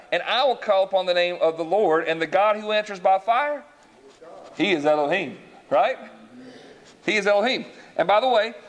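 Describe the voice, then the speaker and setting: A man preaching a sermon, reading scripture aloud and acting out the voices of its characters while asking his listeners questions. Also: sits high. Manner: animated, acts out voices in the story, asks the congregation questions. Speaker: pastor.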